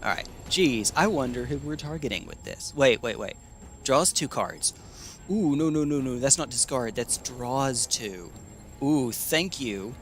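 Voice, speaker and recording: A man's voice: medium pitch, lively intonation, unhurried, slight background noise. A young man from the United States chatting casually with his stream chat while playing a card game, rambling and laughing often.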